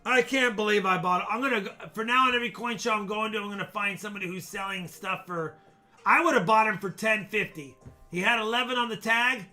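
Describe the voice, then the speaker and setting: A man hosting a live coin auction stream, chatty and excitable, joking as he shows coins. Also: high-pitched, quick pace, soft background music. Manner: chatty, excitable, jokes while showing coins. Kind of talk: casual live auction chat.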